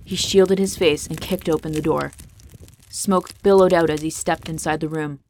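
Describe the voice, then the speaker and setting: A woman reading a fantasy story aloud as the narrator, in a steady, measured way. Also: low-pitched, slight background noise.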